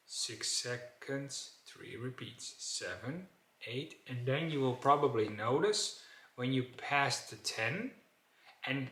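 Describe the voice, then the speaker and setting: A man with coaches an emergency breathing exercise, talking very slowly and pausing often. His voice is bright and forward. The room around him is echoey. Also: mid-range voice. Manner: slow, repetitive, with frequent "okay" and restarts. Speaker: breathing instructor. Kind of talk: instructional talk to camera.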